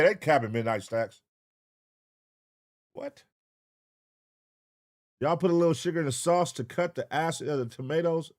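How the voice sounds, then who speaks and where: Over loudly playing hip hop, a streamer host in a slightly high voice banters loosely and profanely with his chat. He reads out names in a sing-song roll call, and the sound is clean studio with no room sound.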